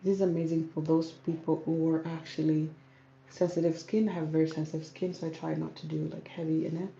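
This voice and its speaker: Soft-spoken woman from South Sudan hosting a casual livestream Q&A; low, gravelly voice in an echoey room. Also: a little fast, highs cut off, a little hiss or hum. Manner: calm, soft-spoken, reads out viewer comments. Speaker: YouTuber. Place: home room with ring light. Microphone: camera on ring light.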